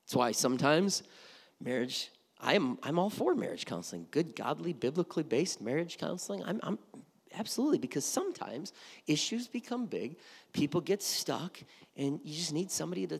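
A man's voice: on the high side, very animated, normal speed, vocal fry, breathy edge. A middle-aged man preaching a sermon as pastor, conversational and often repeating words as he starts a thought. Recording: long reverb of a hall.

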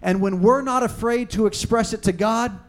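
A man preaching a sermon with passion, moving from hushed talk to shouting and reading scripture with dramatic emphasis. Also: sits high, normal speed. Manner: impassioned, swinging from hushed to shouting. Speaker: pastor.

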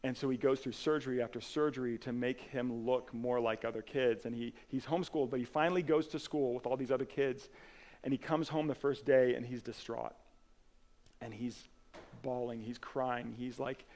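Earnest pastor, loud then hushed. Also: male voice, mid-range voice, fairly even intonation, moderate pace. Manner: earnest, swings from emphatic to soft and quiet; casual asides with fillers and restarts. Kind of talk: sermon.

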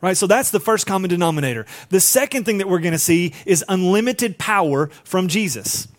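Man, pastor, conversational sermon, high-pitched voice, hushed drops for emphasis, asides to the congregation. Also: lively intonation, brisk. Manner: frequent tag questions and asides to the congregation.

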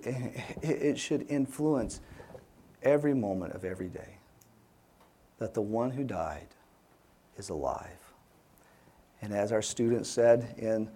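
A man's voice: mid-range voice, warm tone, husky. A man teaching an adult Sunday school class, reading scripture aloud with emphasis and inviting the group to respond. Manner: reads scripture aloud with emphasis, then leads group discussion. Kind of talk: Bible class teaching with discussion.

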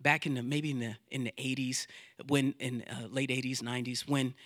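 A male pastor preaching a sermon to his congregation in church, animated, quoting scripture, acting out inner doubts and repeating words as he builds his points. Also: medium pitch, normal speed, no room sound, studio quality. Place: church sanctuary.

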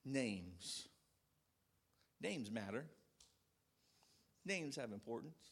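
A man in his thirties preaching a sermon to a congregation in a church, animated and shouting out quoted calls. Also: medium pitch, extremely slow, breathy edge. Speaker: pastor.

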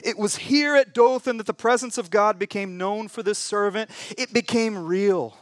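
A man preaching in a church, his voice light and high for a man. He retells scripture like a campfire story, dropping to a hush and then rising loud. The sound is dry and close to the mic. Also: moderate pace, no echo. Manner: dramatic storytelling with wide swings in pitch and volume; conversational asides and humor. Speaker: pastor. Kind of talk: sermon.

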